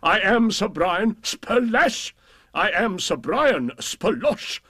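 A man's voice: sits high, big pitch swings, no room sound, studio quality, voice pushed up, heavily acted. A man doing a boastful, blustering knight. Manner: loud, slow, proclaiming.

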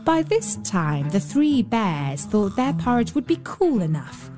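Woman storyteller, mid-pitched, scripted fairy-tale reading, faint fiddle music underneath. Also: very animated, unhurried.

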